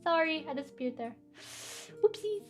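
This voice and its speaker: A woman's voice: high voice, animated, moderate pace, darkish tone, soft background music. A young woman streaming a casual chat, reading viewer comments aloud in a bubbly, giggly way.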